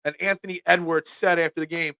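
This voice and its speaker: Bright-voiced sports host. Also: male voice, a little high, steady tone, quick pace, clear, resonant tone, dry recording. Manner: upbeat, rambling, reads and reacts to viewer comments. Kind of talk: casual live-stream sports chat. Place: home room full of sports memorabilia.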